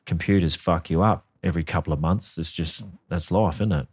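Deep-voiced sardonic man. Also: normal speed, darkish tone, slightly rough, no echo, clean studio sound. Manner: sweary, sardonic storytelling, reading quotes aloud. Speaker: podcast co-host. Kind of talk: casual comedy podcast chat.

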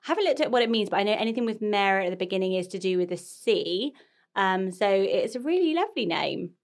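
A woman's voice: medium pitch, animated, fast. A woman, co-hosting a podcast, teasing her friend and laughing often in casual chat. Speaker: podcast co-host.

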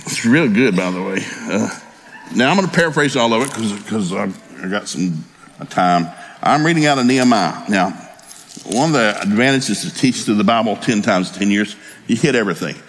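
A pastor preaching a sermon in a folksy, storytelling way with joking asides. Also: male voice, lowish voice, expressive, normal speed, a bit bright, a little hiss or hum.

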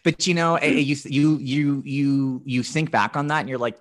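A man's voice: mid-range voice, steady tone, moderate pace, hardly any pauses. A man in his thirties, a podcast guest telling candid, profane stories in casual chat, often restarting his phrases.

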